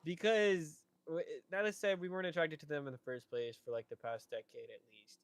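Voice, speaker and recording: A man co-hosting a casual podcast chat, talking in a laid-back, teasing way that often trails off softly. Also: a little high, steady tone, brisk, clean tone, dry recording. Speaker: podcast co-host.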